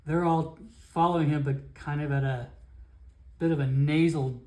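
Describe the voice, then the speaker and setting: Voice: medium pitch, fairly even intonation, moderate pace, a little mellow. A player narrating a solo tabletop game session, rambling casually with fillers and self-corrections.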